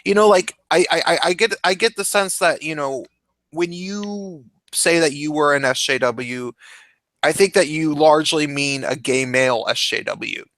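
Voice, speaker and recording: A man's voice: fairly high pitch, normal speed, fairly bright tone, no echo. A man in casual opinionated chat who talks in a heated rush, swears a lot and restarts his sentences often. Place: home, cat nearby.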